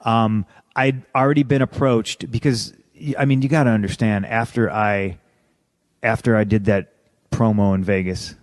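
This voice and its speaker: Low-voiced guy in his 30s, cursing and griping bluntly, dry close sound. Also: steady tone, moderate pace, no room sound. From United States. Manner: blunt and profane, frustrated griping. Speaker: interview guest, pro wrestler. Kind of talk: casual storytelling interview.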